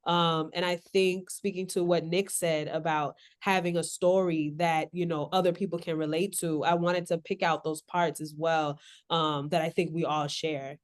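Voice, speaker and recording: A woman's voice: low voice, flat delivery, normal speed. A woman poet from South Florida, chatting in an interview, laughing often, and reading her poem with a rhythmic spoken-word cadence. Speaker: poet guest. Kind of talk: interview chat and poetry reading.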